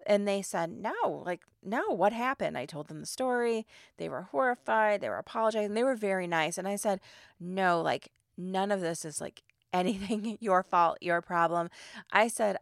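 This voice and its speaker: Woman, middle-aged, podcast host, casual storytelling, exasperated, gravelly fry, dry close mic. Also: mid-range voice, normal speed, no room sound. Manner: animated, exasperated retelling with many fillers.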